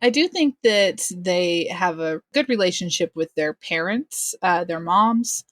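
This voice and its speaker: A woman's voice: on the low side, expressive, measured pace, no echo, studio quality. A woman talking as a guest on a podcast, a game master who chats casually and laughs often at herself. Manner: laughs often, self-deprecating. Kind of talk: casual interview chat.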